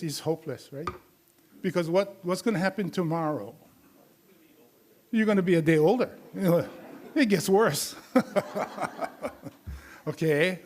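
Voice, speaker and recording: A man's voice: a little high, darkish tone. An older man from Hawaii giving a casual, teasing health talk to a live audience, laughing often and acting out other people's voices. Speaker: community health lecturer.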